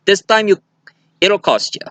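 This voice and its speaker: A man playing a gloating rival villain who savours each word in a slow, smug drawl. The voice is slightly raised and bright, recorded dry. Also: sits high, lively intonation, dry recording, dull audio, pitched above the performer's own voice.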